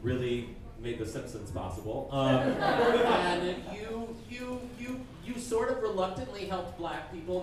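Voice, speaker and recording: A man doing a stand-up roast while sick, rambling and halting in a self-deprecating way on a comedy club stage. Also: high-pitched, very noisy. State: sick, congested. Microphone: stage mic at a distance. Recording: echoey stage from far off, crowd laughter.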